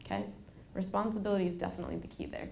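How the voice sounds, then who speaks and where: A woman in her thirties hosting a podcast, giving casual parenting advice and telling personal stories, quoting people in a lively way. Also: fairly low pitch, very fast, creaky, slight background noise. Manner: candid storytelling, quotes people in a lively way. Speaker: podcast host.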